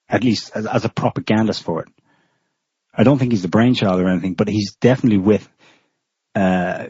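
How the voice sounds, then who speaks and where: A man's voice: on the low side, a little mellow, husky, no room sound. A man co-hosting a podcast, talking through political commentary in a casual, rambling way with frequent restarts. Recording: dull lo-fi recording.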